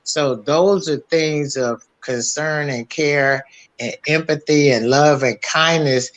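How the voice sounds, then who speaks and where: A man's voice: on the high side, slow pace, a bit bright. A man in casual chat, speaking reflectively and earnestly as co-host.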